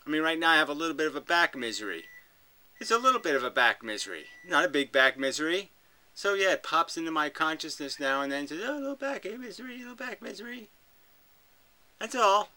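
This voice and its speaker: Bright-voiced profane male commentator. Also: fairly high pitch, animated, quick pace, rough recording. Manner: profane, emphatic and argumentative. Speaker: video commentator. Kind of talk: reaction commentary.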